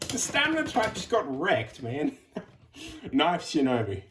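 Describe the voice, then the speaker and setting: A man's voice: fairly high pitch, wildly swooping pitch, slow, background noise. A man from Australia hosting his own channel, giving a chatty toy review full of fillers and restarts. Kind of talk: casual review commentary. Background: background music.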